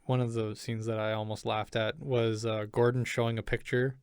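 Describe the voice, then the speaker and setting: A man's voice: mid-range voice, level tone, normal speed, clean tone, dry recording, clean studio sound. A man co-hosting a podcast in casual chat, insistent about his points and leaning on filler words. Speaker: podcast co-host.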